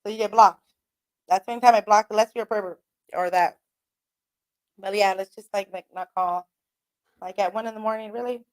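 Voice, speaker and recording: A woman hosting a radio show talks casually by herself, rambling, cursing and laughing a lot. Her mid-range voice stays steady, and her brisk delivery is broken by long pauses.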